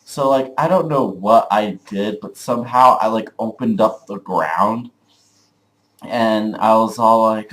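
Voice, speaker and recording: A young man speaking to camera in a fairly low voice, telling a story in a loose, rambling way. He fills every sentence with "like" and swears casually as he goes. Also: unhurried, a bit bright. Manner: rambling, full of "like", profane. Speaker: vlogger.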